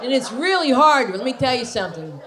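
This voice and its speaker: A woman's voice: high-pitched, sing-song, brisk. A middle-aged woman from New Jersey doing a stand-up comedy set, brash and profane, confiding in the crowd on a club stage. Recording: live club recording with noisy room.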